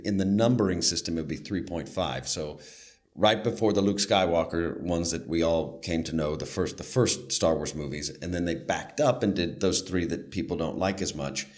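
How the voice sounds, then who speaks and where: A very deep-voiced man in middle age, chatting as an interview guest. He tells his anecdotes with a lot of life and slips into other people's voices as he goes. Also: normal speed. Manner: animated, acts out voices in anecdotes. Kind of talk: casual storytelling interview.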